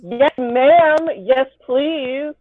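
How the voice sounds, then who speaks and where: A woman in a casual group video chat, eager and excitable, swearing freely. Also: sits high, extremely slow, no room sound, faint music behind. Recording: tinny phone-like call audio.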